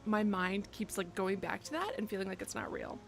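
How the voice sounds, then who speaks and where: A woman's voice: mid-range voice, expressive, brisk, creaky, soft background music. A young woman streaming from her bedroom, rambling, joking and swearing a lot as she chats. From United States. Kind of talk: casual live-stream chat.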